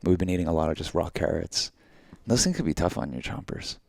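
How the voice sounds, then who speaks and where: Young male co-host, deep and gravelly, loose storyteller. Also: brisk, no echo, clean studio sound. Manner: rambling, animated, acts out quotes. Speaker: podcast co-host. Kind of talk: casual storytelling chat.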